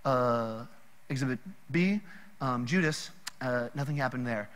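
A man's voice: mid-range voice, unhurried, a bit bright, in a large hall, voice pushed down, close to an everyday voice. A man voicing a dismissive old male council elder who brushes off a case in a casual, offhand way.

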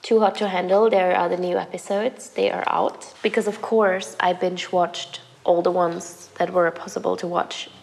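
A young woman, sick and hoarse, chatting casually to viewers while cooking in her home kitchen. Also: fairly low pitch, level tone, moderate pace, hardly any pauses. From Germany. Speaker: lifestyle vlogger. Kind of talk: casual cooking vlog chat.

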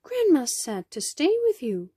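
A woman voicing a polite, cheerful young girl in a picture-book reading, with a bright, eager manner. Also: high voice, wildly swooping pitch, unhurried, voice pushed up, heavily acted.

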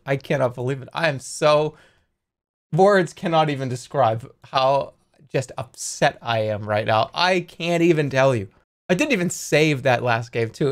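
Excitable streamer man, fairly high voice. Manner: excitable, swears and laughs often, reads story text aloud. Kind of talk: casual gaming livestream, reading game text aloud.

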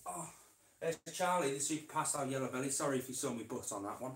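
A man's voice: medium pitch, animated, fast talker, fairly bright tone, recorded from a distance. A man chatting casually as he works with his reptiles, rambling and talking to his animals along the way. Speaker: reptile keeper vlogger. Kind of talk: casual vlog chat while working. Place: indoor reptile room. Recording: roomy sound, away from mic.

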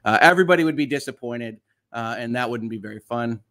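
A man's voice: medium pitch, fast, a bit bright. Chatty man hosting a livestream. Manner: chatty, upbeat, reads viewer comments aloud. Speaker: host of a legal news livestream. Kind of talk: casual livestream chat.

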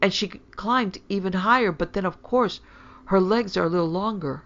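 A woman's voice: sits low, steady tone, moderate pace, creaky, lo-fi sound. A woman voicing a timid, secretive young girl who talks hurriedly and nervously in a storybook reading. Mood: triumphant.

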